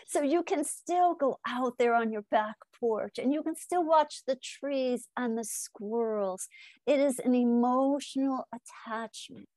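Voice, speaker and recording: An animated middle-aged woman with a fairly high voice, speaking as a guest on a podcast interview. She tells her stories with energy, acts out the dialogue herself and tags her points with a quick "right?". The recording is dry and close, with no room sound. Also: no echo. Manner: animated storyteller acting out dialogue, frequent "right?". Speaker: hypnotist guest.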